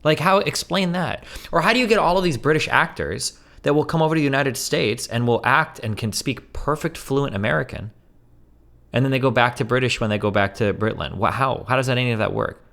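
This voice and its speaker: A man's voice: medium pitch, fairly quick, vocal fry, fairly bright tone. A man streaming, casually debating and teasing his guest with sarcastic, provocative banter.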